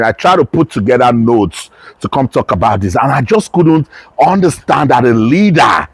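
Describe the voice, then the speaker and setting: A man's voice: on the high side, breathy edge, no echo. A man giving a passionate, emphatic sports opinion vlog, repeating phrases for stress. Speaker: sports commentator.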